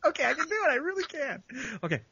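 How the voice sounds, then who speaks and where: A man's voice: extremely high pitch, big pitch swings, very fast, gravelly, very noisy. A man co-hosting a casual podcast, reading listener posts aloud and breaking into helpless laughter again and again. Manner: giggly, keeps breaking into laughter while reading. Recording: dull lo-fi sound.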